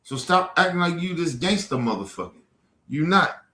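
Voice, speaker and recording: A man's voice: on the high side, lively intonation, normal speed, pushed and bright. A man hosting a livestream, confronting trolls in the chat in a heated, profane rant. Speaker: livestream host. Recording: echoey room.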